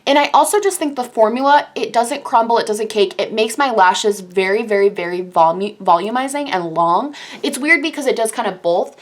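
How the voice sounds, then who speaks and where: Gushing young woman reviewing makeup. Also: a little high. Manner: gushing, animated, quick bursts of enthusiasm. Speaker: beauty YouTuber. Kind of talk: casual product review.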